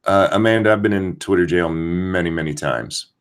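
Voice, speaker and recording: Speaking at a normal pace in a deep, smooth voice, a man hosts a casual live stream. He rants with profanity and greets chat viewers by name, keeping his voice down so he won't wake someone.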